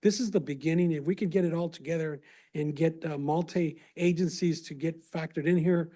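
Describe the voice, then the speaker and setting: Councilman with a higher mellow voice, californian, stumbles and repeats words a lot while making his case. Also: steady tone. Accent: Californian English. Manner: halting, repeats words while searching for them. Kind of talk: council meeting debate.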